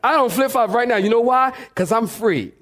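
A man's voice: extremely high pitch, normal speed, a bit bright. A man preaching a sermon to a church congregation, telling stories with humor and talking back and forth with the people. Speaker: pastor. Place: church sanctuary before a congregation.

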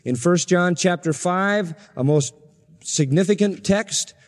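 Emphatic preacher man, high voice. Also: big-room sound. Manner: emphatic, repetitive preaching with sudden slow stressed phrases. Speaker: pastor. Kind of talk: sermon.

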